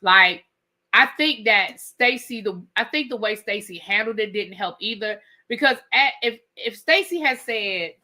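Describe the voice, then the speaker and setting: A woman's voice: fairly high pitch, lively intonation, unhurried, pushed and bright. A woman hosting a live rant-and-review of a reality show, talking emphatically, repeating her points and swearing freely.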